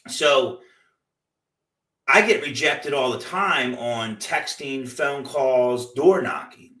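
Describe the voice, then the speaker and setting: A man hosting a real estate investing show, giving a loose, animated motivational talk full of stories and "like". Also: medium pitch, takes it slowly. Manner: loose, animated storytelling with frequent "like". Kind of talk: casual motivational talk with anecdotes. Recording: echoey room, distant from the mic.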